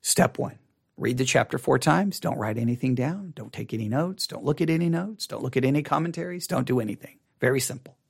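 A man teaching a Bible study method in a casual, animated way, often restarting phrases and acting out a reader's reactions. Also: mid-range voice, fairly quick, vocal fry, slightly rough.

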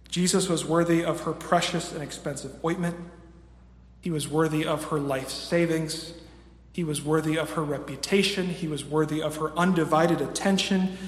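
A pastor in his thirties delivering a sermon in a church, preaching emphatically and swinging from soft, quiet passages to raised, ringing emphasis. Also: a little high. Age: 30s. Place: church sanctuary with a screen. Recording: echoey hall with long reverb.

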